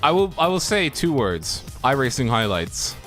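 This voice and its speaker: A man's voice: medium pitch, big pitch swings, normal speed, fairly bright tone, soft background music. Easygoing male race co-commentator. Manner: easygoing, rambling with fillers. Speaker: sim racing co-commentator.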